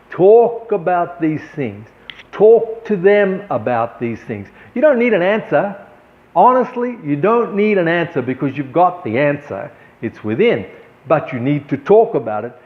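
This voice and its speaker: Older male host, earnest and deliberate, lively high voice, phone-like audio. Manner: earnest, slow and deliberate with long pauses. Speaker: art show host. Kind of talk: motivational talk to camera. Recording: tinny phone-like sound.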